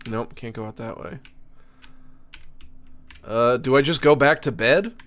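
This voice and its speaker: A man's voice: mid-range voice, a little slow, a bit bright. A man streaming a game, reading its text aloud and joking between laughs. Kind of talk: casual let's-play commentary.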